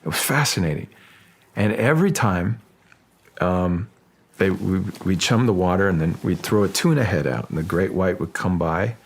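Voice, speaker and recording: A man speaking as a guest in an interview, halting and restarting, then animated when telling stories. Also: deep voice, breathy edge. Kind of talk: casual interview talk.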